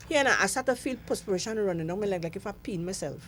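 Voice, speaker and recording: With lively intonation and a mid-range, slightly bright voice, a middle-aged Trinidadian woman talks fast as an interview guest. She hails from Trinidad and Tobago and tells her story animatedly, laughing and emphasizing points, over slight background noise.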